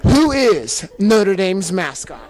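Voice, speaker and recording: A man's voice: sits high, sing-song, takes it slowly, a little mellow. A teenage boy hosting a school news quiz segment, playful and coaxing as he gives hints. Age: teens. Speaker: student quiz host. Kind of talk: hallway quiz segment, upbeat.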